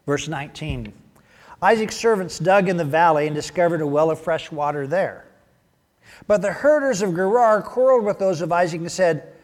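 Preacher man in a reverberant hall. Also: fairly high pitch. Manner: animated storytelling, swinging from loud bursts to hushed asides. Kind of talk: sermon.

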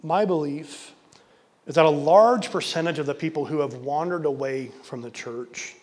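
A male pastor preaching a sermon, telling a story earnestly, sometimes dropping to a soft near-whisper and repeating words for emphasis. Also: fairly high pitch.

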